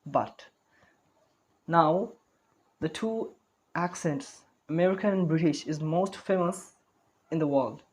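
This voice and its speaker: A man's voice: fairly high pitch, slow, pauses often, poor audio. A man giving an online spoken English lesson, talking carefully, repeating words and correcting himself as he goes.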